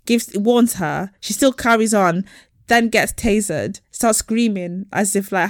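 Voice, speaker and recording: A woman in casual podcast chat, her voice at a middle pitch and recorded dry and close. She tells stories with animation, slipping into the voices of the people she describes. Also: unhurried, dry recording. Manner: animated storytelling, acting out quoted people. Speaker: podcast co-host.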